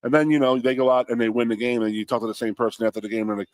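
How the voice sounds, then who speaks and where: A man's voice: mid-range voice, fairly even intonation, racing, few pauses, no room sound. A man co-hosting a sports radio show, telling blunt stories in casual banter. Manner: gruff storyteller, mimics voices, blunt. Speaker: co-host, former college football lineman.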